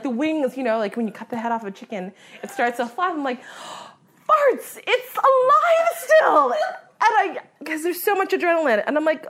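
A woman who hunts tells a story as a guest in a conversation, her voice high. She's animated, laughs often and acts out her own reactions.

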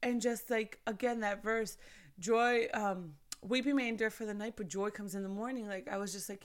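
Thirties woman, podcast host, casual and animated faith talk, bright and forceful. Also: mid-range voice, moderate pace. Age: 30s. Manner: animated, chatty, addresses listeners as sis.

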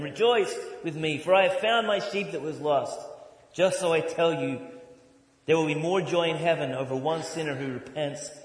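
A middle-aged American man preaching a sermon as pastor, joking and rising to loud mock outrage. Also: a little high. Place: church sanctuary. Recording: echoey hall, long reverb.

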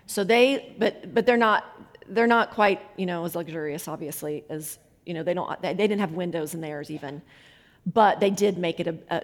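A woman guest minister telling lively stories from the stage, laughing often and acting out the voices of people she quotes. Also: on the low side. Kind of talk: conference sermon storytelling. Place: conference hall. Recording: long hall reverb.

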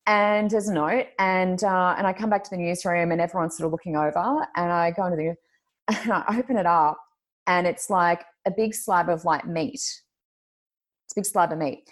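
Animated woman telling a story. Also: lowish voice, normal speed. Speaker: podcast host. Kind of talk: casual chat, storytelling.

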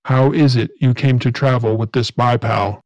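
A man voicing a tall inhuman medium creature, speaking slowly in a flat, robotic monotone through a robotic filter. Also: medium pitch, no room sound, highs cut off. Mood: cold, commanding. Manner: slow, flat and commanding.

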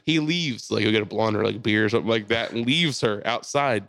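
A man telling a long story in casual podcast chat, acting out the people in it with shouted lines. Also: lowish voice, quick pace, creaky, dry recording. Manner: animated storyteller, mimics shouting voices. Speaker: podcast co-host.

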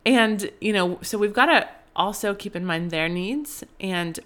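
A woman's voice: medium pitch, unhurried, fairly bright tone. A woman in her thirties hosting a podcast, giving earnest, reflective advice in a casual, chatty way. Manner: earnest and reflective, with frequent fillers. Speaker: podcast host.

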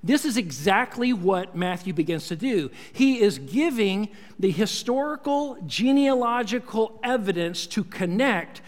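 A man preaching a sermon as a pastor, lively and acting out the people in the story. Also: high voice. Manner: animated, acts out quoted voices. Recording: long hall reverb.

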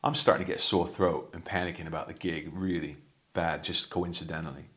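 A man's voice: low voice, steady tone, brisk, a bit bright. A man, a musician, telling rambling anecdotes in casual chat, with plenty of ums. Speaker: musician guest.

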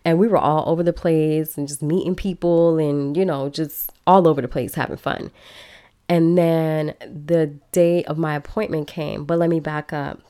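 A woman in her thirties, from Belize, telling a personal story in an animated, conversational way and talking straight to her listeners. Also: sits low. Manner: animated, conversational, laughs while telling, addresses listeners as y'all. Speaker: podcast host.

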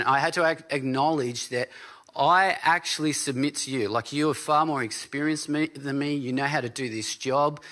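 A man's voice: a little high, pushed and bright. A man preaching a sermon as pastor, telling a story in a casual way and often checking in with his listeners. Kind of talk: conversational sermon.

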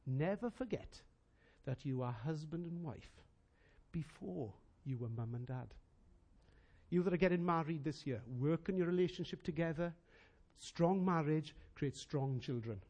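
A man preaching a sermon as pastor, animated and emphatic, telling personal anecdotes. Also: fairly high pitch, a little slow.

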